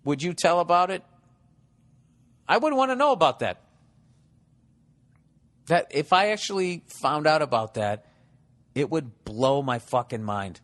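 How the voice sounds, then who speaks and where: A man's voice: a little high, expressive, unhurried, long pauses, a bit bright. Male comedy podcast host, rambling and profane, sarcastic. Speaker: podcast host reading listener letters.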